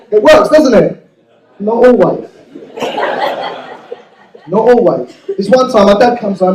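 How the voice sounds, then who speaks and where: A man's voice: high-pitched, darkish tone, echoey room, recorded from a distance, low-quality recording. A man doing a stand-up routine, telling a childhood story in a crude, self-mocking way. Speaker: stand-up comedian.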